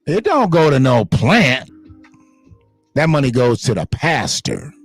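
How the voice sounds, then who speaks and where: A man's voice: mid-range voice, wildly swooping pitch, slow pace, breathy edge, dry recording, faint music behind. A man hosting his own online show, talking in blunt, profane, emphatic casual commentary.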